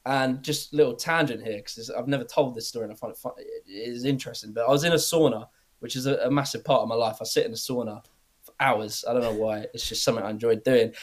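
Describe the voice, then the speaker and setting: A young British man chatting casually as a podcast guest, rambling, filling every pause with "like" and swearing easily. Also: mid-range voice. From Britain. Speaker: guest YouTuber.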